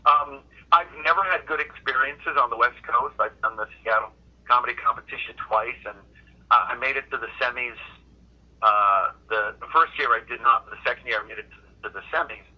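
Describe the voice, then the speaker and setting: A middle-aged man from Boston chats as a comedian guest, rambling through his stories with plenty of restarts. His voice is husky and sits at a middling pitch. The audio is dull and lo-fi, like a remote call. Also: brisk. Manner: rambling storyteller, frequent restarts. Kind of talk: casual interview chat.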